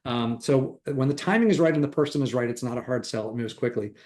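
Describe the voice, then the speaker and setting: A man's voice: medium pitch, fast, a little mellow. A middle-aged man giving a motivational real estate training talk, enthusiastic and acting out quoted chatter.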